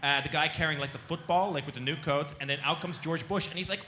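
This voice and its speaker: A man's voice: a little high, quick pace, pushed and bright, roomy sound, slight background noise. A man telling a comic story on a panel, full of energy and laughter, acting out other people's voices. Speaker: comedian panelist. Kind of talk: animated storytelling with impressions. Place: panel on a stage before an audience.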